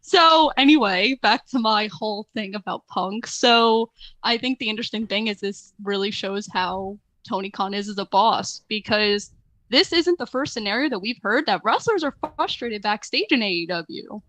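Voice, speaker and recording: A woman's voice: mid-range voice, moderate pace, a bit bright, dry recording, poor audio. Young woman chatting, dry close sound. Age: young adult. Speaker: podcast co-host. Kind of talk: casual chat.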